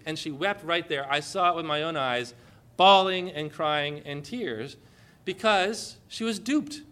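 Bright, high-voiced man preaching passionately. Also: a little slow. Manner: impassioned, building to emphatic proclamations. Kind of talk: sermon.

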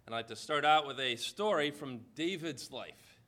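A man preaching a sermon, retelling a scripture story with slow, emphatic pauses and rhetorical questions. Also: medium pitch, expressive, pushed and bright.

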